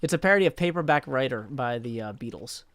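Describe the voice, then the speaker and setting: A man chatting casually on a live stream, reading viewer messages aloud and thinking out loud as he goes. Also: mid-range voice, animated, fast talker, no echo.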